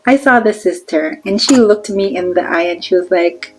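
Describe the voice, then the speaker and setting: A woman's voice: on the low side, normal speed, hardly any pauses, low-quality recording. Young jamaican woman telling her story, chatty, talks right to viewers, faint music behind. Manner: chatty, addresses viewers directly. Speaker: vlogger. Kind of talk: storytime vlog narration.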